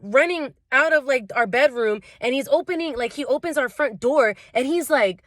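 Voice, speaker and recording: A woman's voice: high voice, moderate pace, dry recording, clean studio sound. A young woman vlogger telling a storytime tale in casual slang, full of fillers. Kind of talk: storytime vlog.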